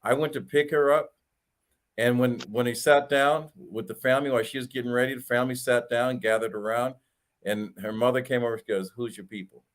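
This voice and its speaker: A man from Ohio who is a guest, telling a story in a casual chat in an animated way and stammering at times. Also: mid-range voice, fairly quick.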